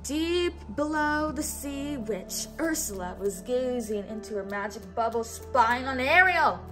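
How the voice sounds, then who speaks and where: A young female teacher reads a storybook aloud in a high, bright voice, pausing often to coax a listener into repeating words. She's animated, patient and encouraging at a measured pace, with soft music faintly behind her.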